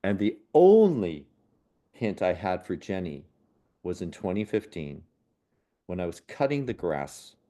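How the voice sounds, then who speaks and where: A man with a lowish, warm, mellow voice, speaking as a medium on a podcast. He tells personal stories earnestly and without hurry, sometimes laughing softly or restarting a sentence. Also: big pitch swings, measured pace, long pauses. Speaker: guest, spiritual medium and healer. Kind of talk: reflective personal storytelling in a podcast conversation.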